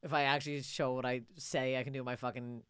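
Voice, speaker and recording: A woman's voice: rumbling low, fast. A woman co-hosting a comedy podcast, telling self-mocking stories in casual chat. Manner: lively, self-mocking storytelling. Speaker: podcast co-host.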